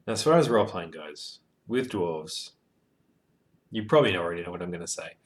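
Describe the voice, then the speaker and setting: A man's voice: low-pitched, expressive, brisk. A man talking casually about running tabletop games, rambling with many ums and you-knows, sweary and joking. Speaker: tabletop game master giving advice. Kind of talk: casual advice monologue.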